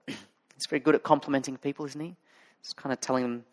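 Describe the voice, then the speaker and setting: Australian pastor, higher-pitched man. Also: animated, fairly quick. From Sydney, Australia. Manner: conversational, storytelling with frequent fillers and restarts. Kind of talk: sermon.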